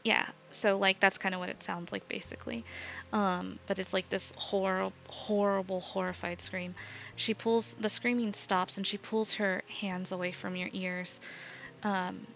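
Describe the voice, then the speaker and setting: A woman narrating as game master of a tabletop game, halting with many fillers. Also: medium pitch, level tone, vocal fry, a bit bright, muffled recording, a little hiss or hum.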